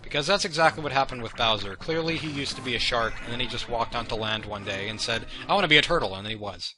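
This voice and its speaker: A man's voice: mid-range voice, fast talker. A young man giving meandering, self-deprecating commentary over gameplay, drifting into chatty tangents. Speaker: let's play commentator. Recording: game music under the voice. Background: game music.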